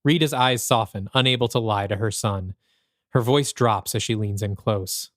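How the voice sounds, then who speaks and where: A man co-hosting a podcast, reading stage directions in a script table read in a steady, matter-of-fact way. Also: fairly low pitch, moderate pace, dry recording, clean studio sound. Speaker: podcast co-host.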